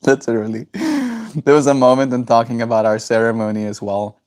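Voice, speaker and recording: A man's voice: mid-range voice, fairly even intonation, a little fast, a little mellow. A man from South Africa chatting casually on a livestream, rambling and answering chat messages aloud.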